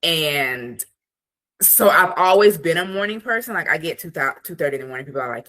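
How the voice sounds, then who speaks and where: A woman coach talks from her home office desk in a low, bright and forceful voice. She chats casually over a video call, scattering "like" through her sentences and acting out quoted thoughts. Her energy stays steady as she gives practical examples. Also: fairly quick. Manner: chatty, many "like" fillers, acts out quoted thoughts. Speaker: productivity coach, guest. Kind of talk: casual conversational interview.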